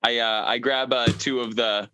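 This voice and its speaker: A man's voice: mid-range voice, fairly even intonation, moderate pace, sharp tone, a little hiss or hum. A man playing a tabletop game, speaking hesitantly with a polite, formal in-character manner. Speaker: player. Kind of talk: tabletop role-play.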